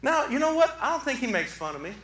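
A man preaching a sermon from the pulpit, animated, swinging from quiet talk to shouting. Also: extremely high pitch, fast. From southeastern Michigan. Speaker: pastor. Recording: echoey hall.

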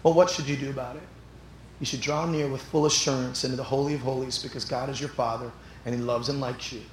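A man pastor preaching a sermon, telling animated stories that build up to shouts. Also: mid-range voice, fast, reverberant, slight background noise, poor audio. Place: church sanctuary.

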